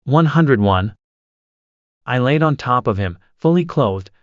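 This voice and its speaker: A man narrating forum posts aloud in an even, steady reading voice. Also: mid-range voice, measured pace, no room sound, highs cut off.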